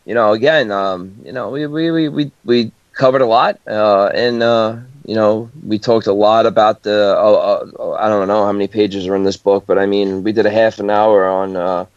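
A man's voice: fairly low pitch, fairly even intonation, moderate pace, hardly any pauses, smooth, no echo, lo-fi sound. A man co-hosting a casual podcast chat, hesitant and full of fillers. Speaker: podcast co-host.

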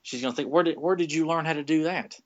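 A man voicing a young prince who hides his strength, in a quick, offhand paraphrase. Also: a little high, muffled recording, pitched above the performer's own voice, lightly acted. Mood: exasperated.

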